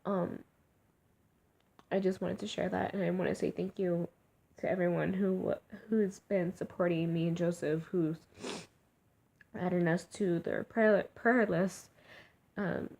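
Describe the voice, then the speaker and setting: A young woman talking in a personal vlog, emotional and halting, often trailing off into near-whispers. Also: on the low side, fairly even intonation, gravelly, a little mellow. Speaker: vlogger.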